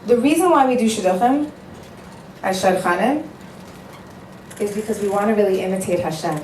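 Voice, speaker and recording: Woman speaker at an event, emphatic and heartfelt, mid-pitched, light room noise. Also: lively intonation, moderate pace, pauses often, a little mellow. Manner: emphatic, storytelling, repeats for effect. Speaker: matchmaker giving a speech. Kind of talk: earnest speech to an audience. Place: event hall with a live audience. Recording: echoey hall, voice picked up from a distance.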